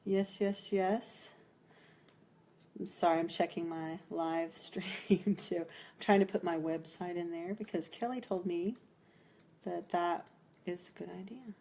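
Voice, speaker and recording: A woman's voice: on the low side, steady tone, a little slow, mellow, slight background noise. A woman giving a live-streamed tarot reading, chatty and reassuring, laughing often as she talks to viewers. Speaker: tarot reader.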